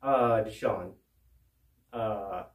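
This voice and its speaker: A man voicing a stern male school principal with a low, slow, deliberate way of questioning, recorded in a roomy space. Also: distant mic. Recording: roomy, away from the mic.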